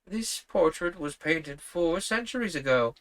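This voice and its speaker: A man voicing a courteous young man who explains things with calm, slightly superior politeness in a storybook reading. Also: fairly high pitch, unhurried, pitched above the performer's own voice. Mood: politely explaining.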